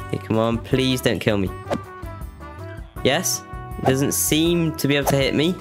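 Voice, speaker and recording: A man giving casual let's-play commentary on his game, chatty and quick to exclaim in alarm. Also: medium pitch, expressive, over music. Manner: chatty, exclaims and panics when mobs attack. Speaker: gaming YouTuber.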